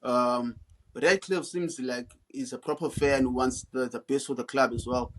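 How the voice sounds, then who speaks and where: A man co-hosting a casual football podcast, relaxed and slangy, often halting mid-thought. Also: medium pitch, poor audio. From South Africa. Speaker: podcast co-host.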